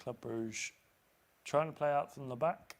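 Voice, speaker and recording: A man's voice: medium pitch, a little slow. A man from England hosting a live football watchalong, chatting casually and calling the play as it happens. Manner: relaxed, chatty, drifts into commentary. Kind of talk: casual chat with live match commentary.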